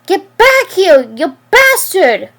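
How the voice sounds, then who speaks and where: A woman reading a story aloud and voicing a clingy, possessive young girlfriend who pleads and turns shrill. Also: sing-song, measured pace, exaggerated voice. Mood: screaming.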